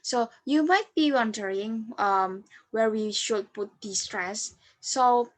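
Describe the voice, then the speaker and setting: A young woman from Indonesia, not an English speaker, giving a recorded class presentation and often pausing on fillers and correcting herself. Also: fairly high pitch. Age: young adult. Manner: hesitant, with frequent fillers and self-corrections. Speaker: student presenter.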